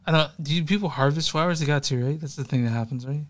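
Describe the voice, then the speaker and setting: A man's voice: a little high, fast talker, a little hiss or hum. A young man co-hosting a music podcast, rambling casually, laughing often and swearing offhand. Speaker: podcast co-host.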